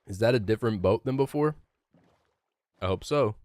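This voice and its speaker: A man's voice: on the low side, moderate pace, a little mellow, no room sound. A young man live-streaming a game, chatting loosely with his chat, rambling and swearing casually. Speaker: gaming streamer.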